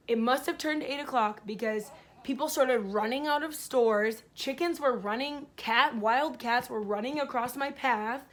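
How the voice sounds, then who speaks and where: A woman vlogger telling a story in a casual, rambling way, full of fillers. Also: on the high side. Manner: rambling, filler-heavy, animated retelling.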